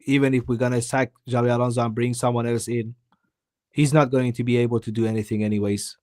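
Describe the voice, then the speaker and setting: A man's voice: mid-range voice, little pitch movement, fast talker, darkish tone, dry recording, studio quality. A man giving a heated football opinion on a live stream, weary and emphatic, repeating himself for stress. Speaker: guest co-host.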